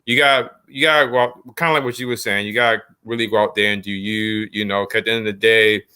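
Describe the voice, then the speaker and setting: A man hosting a podcast, talking in a reflective, halting way with frequent restarts. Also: on the low side, steady tone, bright, forceful tone, smooth. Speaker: podcast host. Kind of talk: casual podcast conversation.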